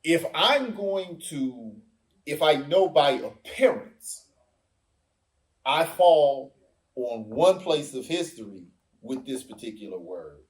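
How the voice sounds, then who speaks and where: A man's voice: on the high side, slow. A man in casual podcast talk, telling stories animatedly and acting out what others said. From Africa. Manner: animated storyteller, acts out quoted voices. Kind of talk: casual discussion.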